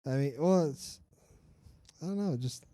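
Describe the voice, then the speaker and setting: A man's voice: a little high, unhurried, mellow, dry recording. A man co-hosting a casual podcast, ranting bluntly with swearing and lots of filler words. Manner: blunt, profane, opinionated rants with many fillers. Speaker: podcast co-host. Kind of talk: casual chat.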